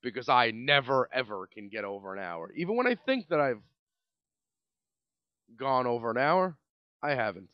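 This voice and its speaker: A man in his late twenties with a New York accent, hosting a podcast and telling a rambling, profane story in a casual, animated way. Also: mid-range voice, moderate pace, long pauses, clear, resonant tone, no echo, muffled recording. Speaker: podcast host.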